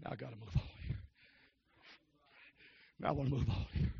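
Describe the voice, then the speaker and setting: A male preacher giving a fervent holiness sermon, shouting and calling out to the congregation. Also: medium pitch, fairly even intonation, a little fast, vocal fry, slightly rough, no room sound, muffled recording. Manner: exclaims, shouts and calls out to the congregation.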